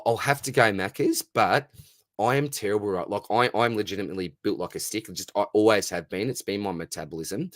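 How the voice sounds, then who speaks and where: A man's voice: on the low side, a bit bright, no echo. A young Australian man hosting a casual live question-and-answer stream, upbeat and matey, and losing his voice.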